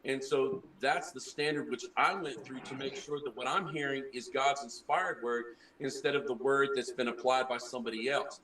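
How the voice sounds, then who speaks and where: A man's voice: mid-range voice, steady tone, normal speed, bright, forceful tone, reverberant, distant mic, a little hiss or hum, poor audio. A man who trained as a preacher, earnestly explaining things in a casual group chat and often restarting his words. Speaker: former preacher.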